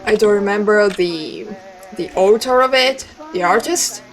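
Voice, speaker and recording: A woman's voice: mid-range voice, unhurried, faint music behind. A woman, a native Italian speaker, playing a text game and reading its lines aloud with chatty, playful asides. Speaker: let's play streamer.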